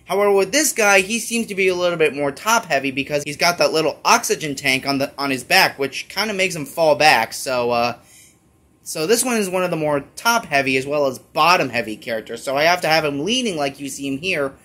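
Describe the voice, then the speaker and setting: A man's voice: on the high side, lively intonation, fairly quick, sharp tone. A man giving a casual, rambling toy review with many fillers. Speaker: toy collector YouTuber.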